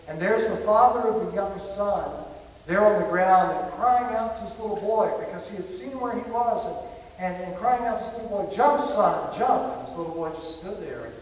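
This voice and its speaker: A man's voice: high-pitched, moderate pace. A man preaching a sermon, telling stories and often repeating words as he builds up. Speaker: pastor. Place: church sanctuary. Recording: echoey hall from far off, faint hiss.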